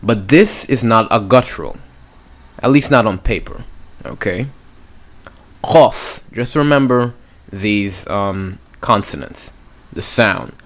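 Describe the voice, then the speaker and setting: A man's voice: lowish voice, a bit bright. A man teaching a beginners' language lesson, patiently sounding out words and repeating them. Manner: patient, drawn-out pronunciation demos. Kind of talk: slow spoken lesson.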